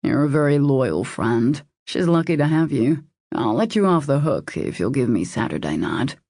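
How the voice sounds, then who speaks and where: A woman voicing a confident, calm adult man who speaks in a smooth, assured and gently teasing way in an audiobook. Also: extremely low pitch, moderate pace, no room sound, clean studio sound, heavily acted. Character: confident, calm adult male boss and suitor. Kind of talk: audiobook character voice.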